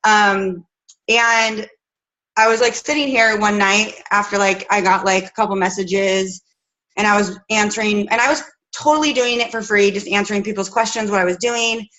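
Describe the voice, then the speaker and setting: Woman, 30s, fitness coach, bright open voice, rambling chatty storyteller, at home. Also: medium pitch, fairly even intonation, moderate pace, rough recording. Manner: chatty, rambling with fillers and restarts. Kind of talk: casual personal story.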